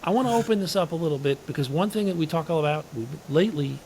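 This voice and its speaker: A man hosts an interview show in a friendly, conversational way. His voice sits a little high for a man. He thinks aloud as he goes, with fillers and restarts. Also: animated, very fast, darkish tone, a little hiss or hum. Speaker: show host.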